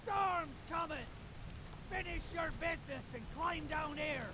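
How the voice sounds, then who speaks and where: An actor playing a gruff male boatman who calls from a distance, urging someone to finish up before a storm. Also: very high voice, unhurried, sharp tone, slight background noise, full character voice. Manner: calling out from afar, urging.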